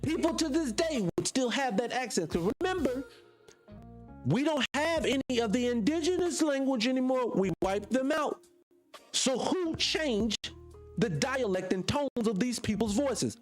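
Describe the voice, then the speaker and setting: A man's voice: extremely high pitch, lively intonation, unhurried, soft background music. Emphatic man hosting a commentary monologue. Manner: emphatic, rhetorical questions, addresses viewers directly. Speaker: channel host.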